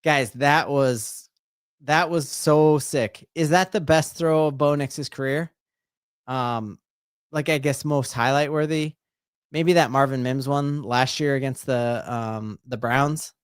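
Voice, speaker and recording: Excitable man calling a game live. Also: medium pitch, slow, smooth, dry recording, clean studio sound. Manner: excitable, bursts into loud repeated exclamations; rambling, casual, full of fillers and restarts. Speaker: fan streamer doing live play-by-play. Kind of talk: live fan play-by-play commentary.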